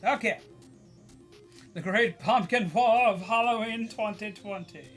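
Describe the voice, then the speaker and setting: Tired but hyped streamer guy, high voice, swears a lot, laughs a ton. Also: unhurried, a bit bright, soft background music. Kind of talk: casual chat to viewers.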